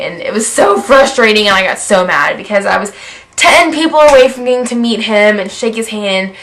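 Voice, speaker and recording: A woman's voice: mid-range voice, expressive, brisk, a bit bright. A young woman vlogger gushing about a film festival, talking casually with constant "like" fillers. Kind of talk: excited fan recap vlog.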